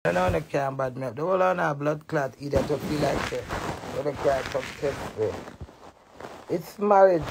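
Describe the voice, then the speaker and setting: A middle-aged woman in a blunt, profane, animated casual rant to the camera. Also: low-pitched, moderate pace, creaky, noisy background.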